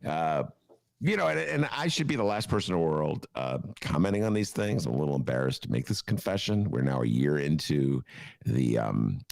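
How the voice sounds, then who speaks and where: A man co-hosting a podcast in casual chat, rambling and animated, laughing often. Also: a bass voice, normal speed, creaky. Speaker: podcast co-host.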